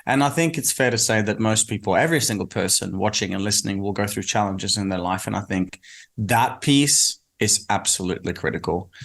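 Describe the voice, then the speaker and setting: A man hosting an interview, warmly encouraging his guest and guiding reflective pauses. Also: fairly low pitch. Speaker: podcast host.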